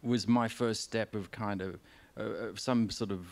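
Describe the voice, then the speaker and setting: A man's voice: fairly low pitch, fairly even intonation, measured pace, gravelly, darkish tone. A man with an Australian accent, talking on a venue stage in a live conversation, telling stories candidly and rambling with lots of restarts and casual swearing. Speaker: guest author.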